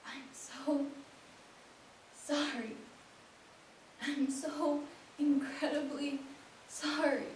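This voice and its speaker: Woman playing a remorseful, halting mother. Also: high-pitched, level tone. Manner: halting, pained confession. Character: remorseful middle-aged mother full of regret. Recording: echoey room, from far off, faint hiss.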